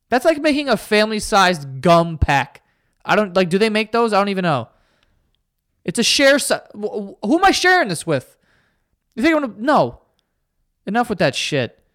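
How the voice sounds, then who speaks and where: A young man with a high voice rambles through a solo podcast, swearing freely and tossing out sarcasm. He trips over his own words and laughs them off, jumping from one gripe to the next. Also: fairly bright tone, no echo, clean studio sound. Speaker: podcast host. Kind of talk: casual solo podcast rant.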